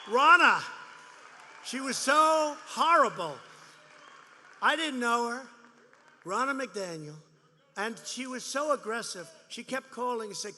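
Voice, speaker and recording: A man's voice: very high voice, lively intonation, slow, pauses often, sharp tone, long reverb tail, some chatter behind. A man in his seventies giving a rambling, boastful, mocking campaign rally speech, repeating his phrases. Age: 70s. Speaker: politician speaking at a rally. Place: large rally venue.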